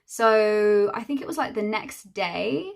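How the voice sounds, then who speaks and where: A woman's voice: mid-range voice, expressive, slow, vocal fry. A young woman, a hairstylist, telling a chatty, exasperated storytime while doing her makeup, acting out the other people's lines. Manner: chatty, exasperated, acts out quoted dialogue.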